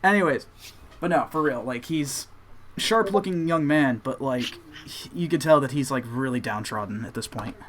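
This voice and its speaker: A man's voice: mid-range voice, moderate pace, a bit bright, slight background noise. Rambling young man as game master. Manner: casual and rambling, many fillers. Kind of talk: narrating a tabletop game.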